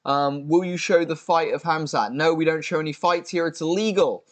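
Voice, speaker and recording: A man's voice: on the high side, normal speed. Joking man reading out stream chat. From United States. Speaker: livestream co-host reading chat. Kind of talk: casual watch-along chat.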